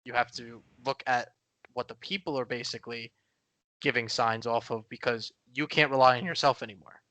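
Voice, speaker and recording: Bright, dry-voiced man chatting casually. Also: mid-range voice, fairly even intonation, normal speed, dry recording. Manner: rambling, many fillers and restarts. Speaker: podcast co-host. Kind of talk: casual chat.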